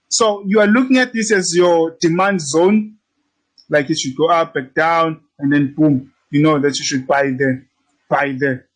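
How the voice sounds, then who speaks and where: Brash high-voiced male trading instructor. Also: low-quality recording. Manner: brash, teasing, repetitive, swears freely. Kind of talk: casual screen-share tutorial.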